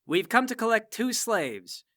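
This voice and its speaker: A man's voice: high-pitched, sing-song, measured pace, fairly bright tone, voice pushed up, heavily acted. A man voicing a polite male soldier who speaks in a deferential, businesslike way, in a tabletop game.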